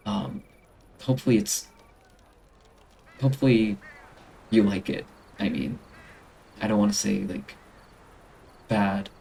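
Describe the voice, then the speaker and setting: A man's voice: lowish voice, slow pace, gravelly, long pauses, mellow, slight background noise. A man with an American accent streaming casually, self-conscious and rambling.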